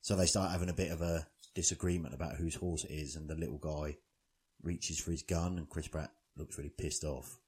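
Man, podcast co-host, blunt sweary banter, very deep voice, husky. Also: fairly even intonation, brisk, a little mellow. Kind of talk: casual film recap chat.

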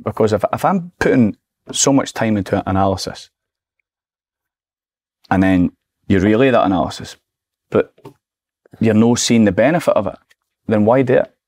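A man's voice: lowish voice, moderate pace, pauses often, no echo. A Scottish man in his forties, a former footballer, chatting as a podcast guest and acting out his old remarks as he tells stories. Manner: animated storyteller, acts out his own past remarks. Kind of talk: casual podcast chat.

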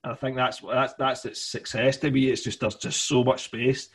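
A man with a husky voice chats loosely about music, often circling back and restarting his sentences. He talks at a middling pitch in a relaxed, unscripted way. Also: moderate pace. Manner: rambling, many fillers and restarts. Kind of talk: casual music chat.

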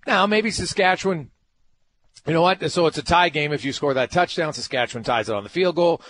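A man's voice: fairly high pitch, a little fast, a bit bright, a little hiss or hum. A man hosting a sports talk radio show, emphatic and ranting, firing off rhetorical questions.

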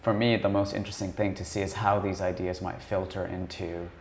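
A man's voice: low voice, flat delivery, a little fast, a little hiss or hum. A man interviewing a guest in a conversational podcast, casual and asking long, rambling questions.

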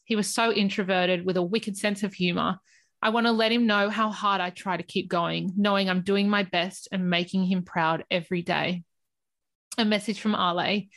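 A woman's voice: mid-range voice, a bit bright, no echo. A woman co-hosting a podcast, reading listener messages aloud and chatting easily between them. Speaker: podcast co-host.

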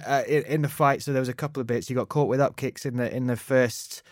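A man's voice: medium pitch, steady tone, fast, no echo. Joking male co-host, dry close sound. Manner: joking, explanatory, says "mate" often. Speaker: podcast co-host. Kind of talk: casual sports podcast chat.

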